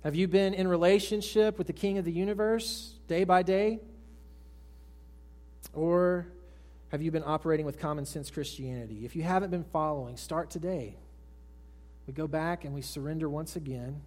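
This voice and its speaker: A man preaching a sermon with a fairly high voice. He talks straight to the congregation with questions, then drops to a soft hush for the tender lines. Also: moderate pace. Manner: swings from raised emphatic lines to hushed soft ones; asks the congregation direct questions. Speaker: pastor. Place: church service with congregation.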